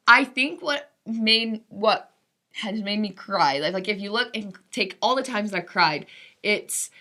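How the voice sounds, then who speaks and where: Young woman, bright voice, podcast co-host, casual chat, laughs a lot. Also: medium pitch. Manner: emotional, laughing often.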